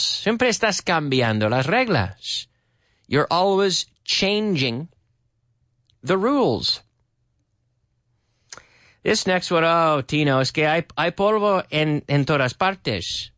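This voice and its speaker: Male radio English teacher, animated and a bit high-voiced, dry close studio sound, drills phrases slowly. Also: no room sound. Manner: chatty, laughs often, repeats phrases slowly for learners.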